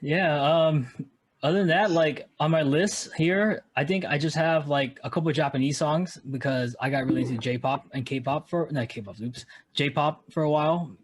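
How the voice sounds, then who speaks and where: A man's voice: on the high side, normal speed. A man co-hosting a podcast in casual chat, laid-back and swearing freely. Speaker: podcast co-host.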